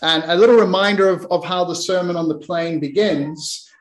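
A man's voice: high-pitched, normal speed, reverberant, rough recording. A man preaching a sermon in earnest, often repeating and restarting his words.

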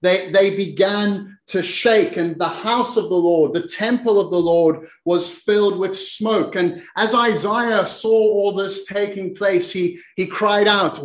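A man's voice: high voice, a little slow, few pauses, echoey room. A man preaching a sermon, retelling a scripture story and often repeating words as he goes. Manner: repeats words while speaking, dramatic quoted lines.

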